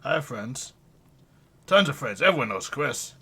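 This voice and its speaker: A man's voice: medium pitch, very animated, moderate pace, noisy background. A man narrating a tabletop game as game master, playfully slipping into character voices.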